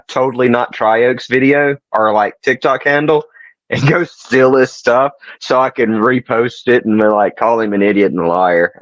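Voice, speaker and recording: Podcast co-host, man, soft Southern drawl, laid-back, dry slightly dull mic. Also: medium pitch, dry recording. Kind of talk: casual chat.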